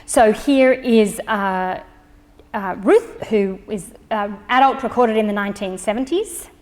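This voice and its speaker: A woman giving a public lecture, explaining charts in a measured way with frequent fillers. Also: mid-range voice, a little mellow. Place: library lecture hall. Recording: long reverb in a lecture hall.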